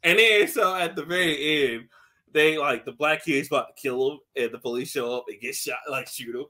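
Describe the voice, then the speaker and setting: A man's voice: on the high side, normal speed. A man co-hosting a podcast in casual chat, animatedly retelling a TV episode and swearing freely. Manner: animated storyteller, acts out scenes, laughs often, swears. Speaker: podcast co-host.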